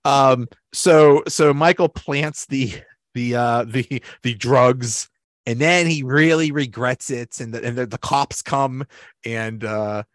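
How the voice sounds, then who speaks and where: A man's voice: medium pitch, takes it slowly, no echo. Chatty man podcast host, dry sound. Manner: chatty, laughs often, acts out quotes. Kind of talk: casual chat.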